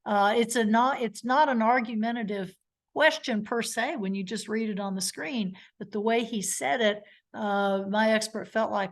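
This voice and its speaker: A woman's voice: fairly high pitch, moderate pace. A middle-aged woman lawyer giving a live webinar lecture, telling stories and acting out courtroom exchanges. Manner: storytelling, acts out witness and lawyer exchanges. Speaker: trial lawyer giving a legal education talk.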